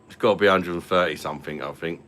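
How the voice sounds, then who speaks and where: Very deep-voiced man, forceful. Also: very fast. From London. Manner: rambling, chatty, full of fillers and repeats. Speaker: live-stream host. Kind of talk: casual live-stream chat.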